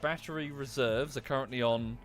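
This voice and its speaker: A man's voice: medium pitch, brisk, faint music behind. Chatty Estuary English man streaming a game. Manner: chatty, thanks viewers by name, thinks aloud with restarts. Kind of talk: casual gameplay commentary.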